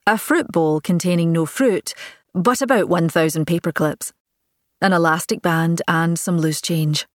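A woman reading a story aloud in a steady, descriptive narrating manner. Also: on the low side, no room sound, studio quality. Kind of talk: audiobook narration.

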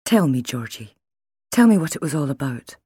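A woman reading an audiobook, voicing a young husband who speaks softly and reassuringly, pitched a little lower than her narration. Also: very animated, normal speed, slightly rough, dry recording, clean studio sound, full character voice. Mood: soothing. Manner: soft, reassuring, wry. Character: gentle, protective young husband.

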